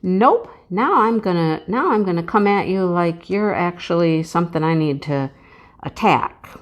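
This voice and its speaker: A woman's voice: lowish voice, lively intonation, moderate pace, natural voice. A woman voicing a stubborn, aggressive male rooster in a smug, threatening way, in a casual vlog story. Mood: defiant.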